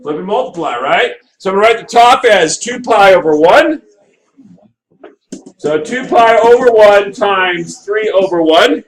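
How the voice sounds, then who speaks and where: A man's voice: high voice, measured pace, a little hiss or hum, poor audio. A man teaching a math class, working through graphs aloud and checking in with students. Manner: animated, asks the class for checks. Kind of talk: classroom lecture.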